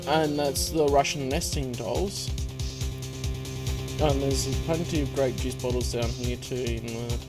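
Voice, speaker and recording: A man's voice: medium pitch, steady tone, a little slow, loud music behind the voice. A man casually commenting as he plays and reads through a story game. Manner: chatty, self-deprecating asides. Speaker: video game let's player.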